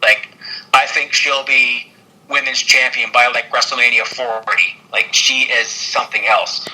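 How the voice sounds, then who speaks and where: Excitable bright-voiced man recapping wrestling. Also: mid-range voice, a little slow, low-quality recording. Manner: rambling, excitable, many fillers and laughs. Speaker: podcast co-host. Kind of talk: casual wrestling recap chat.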